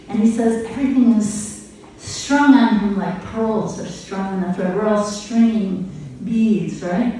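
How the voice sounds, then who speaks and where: Woman, older, devotional teacher, gentle, conversational, mellow, distant mic, faint room noise. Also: mid-range voice. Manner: gentle, conversational, often asks "right?". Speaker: spiritual teacher. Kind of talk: devotional talk to a retreat group. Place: retreat hall. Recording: echoey hall, voice from far off.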